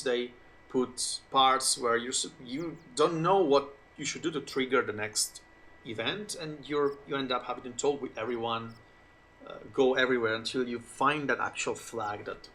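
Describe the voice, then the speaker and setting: A man's voice: mid-range voice, moderate pace, sharp tone, a little hiss or hum. A man whose first language is Italian, streaming a game and chatting casually in English in a rambling way. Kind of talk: casual gameplay commentary.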